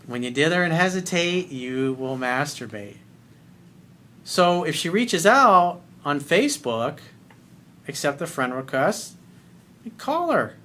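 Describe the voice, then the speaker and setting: A man's voice: a little high, animated, takes it slowly, a bit bright. A man giving dating advice in a video coaching monologue, blunt and emphatic, swearing freely.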